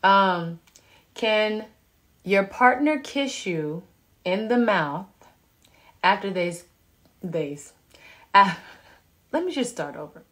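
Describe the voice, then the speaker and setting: A woman in her thirties talks to her viewers through a phone live stream from home. Her delivery is unhurried and loose, chatty, with laughing asides as she reads their comments. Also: mid-range voice, animated, fairly bright tone. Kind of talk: casual chat reading viewer comments. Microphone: phone camera.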